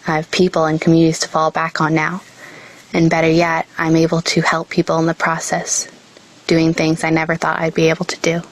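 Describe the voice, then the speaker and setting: Young woman, award recipient, earnest prepared speech, low voice, very flat intonation. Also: rough recording.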